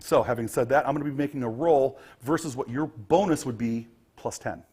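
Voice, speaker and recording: Husky-voiced man narrating as game master. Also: medium pitch, brisk, dark tone. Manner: vivid scene-setting with frequent ums and restarts.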